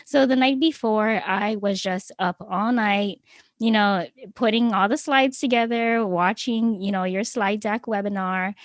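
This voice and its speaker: A woman guest on a podcast interview, telling her story in a lively, casual way. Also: mid-range voice, dry recording, clean studio sound. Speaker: guest, small business owner.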